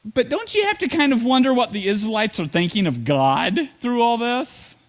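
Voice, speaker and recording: A man preaching a sermon as pastor, telling the story with playful asides and quick acted lines. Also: extremely high pitch, big pitch swings.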